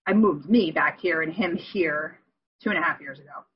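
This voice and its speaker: A woman talks through a personal story in a husky, slightly breathy voice, often stopping to correct herself. The sound is dull and lo-fi, like audio from an online call. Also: deep voice, normal speed. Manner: rambling, self-correcting, emotional. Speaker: group member sharing. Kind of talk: candid personal sharing.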